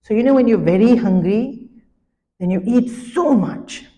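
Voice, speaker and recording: A woman spiritual teacher giving a sermon, telling a story with animated, laughing delivery. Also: a little high, moderate pace, big-room sound.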